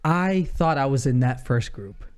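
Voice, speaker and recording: A man telling a rambling story in casual chat, animated and full of asides and restarts, swearing freely. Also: medium pitch, measured pace, clear, resonant tone.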